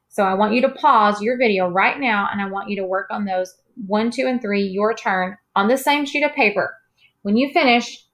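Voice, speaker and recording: Late at night, a woman math teacher records a lesson in a tired, mid-range, slightly bright voice. She clears her throat now and then but stays patient and reassuring with her students.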